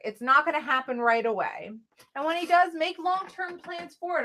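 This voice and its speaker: A woman's voice: on the high side, bright, forceful tone. A woman vlogger giving tarot card readings in a chatty, casual way, talking straight to her viewers.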